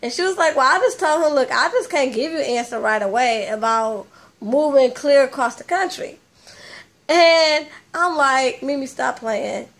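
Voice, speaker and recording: High-voiced chatty woman recapping TV. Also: normal speed. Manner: chatty, animated retelling with slang. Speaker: TV recap host. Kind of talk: casual reality TV recap.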